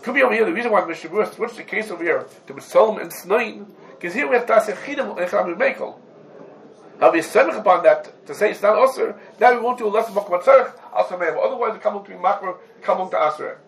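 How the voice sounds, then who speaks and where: A man's voice: high voice, fast, vocal fry, poor audio. Man teaching law, firing rhetorical questions. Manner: lively, rhetorical questions, Hebrew terms woven into English. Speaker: rabbi teaching a class. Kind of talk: Talmudic law lesson.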